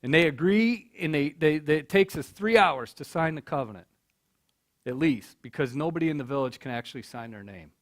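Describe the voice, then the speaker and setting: A middle-aged man tells a story from a college stage in a somewhat high voice. He speaks earnestly and often repeats his words when the moment gets to him. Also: lively intonation, brisk. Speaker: keynote speaker. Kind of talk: storytelling speech. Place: college hall.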